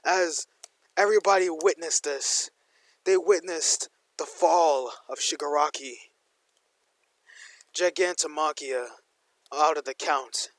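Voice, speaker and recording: A man's voice: fairly high pitch, slow, pauses often, no echo, poor audio. Rambling young man telling fan fiction. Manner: rambling, slangy, full of "like". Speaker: fan storyteller. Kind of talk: casual fan-fiction narration.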